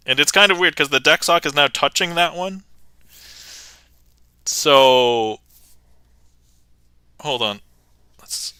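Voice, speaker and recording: A man's voice: medium pitch, pushed and bright, clear, resonant tone, no room sound. A man performing card magic on a livestream, chatting playfully with viewers, laughing often and thanking them by name. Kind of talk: casual livestream patter.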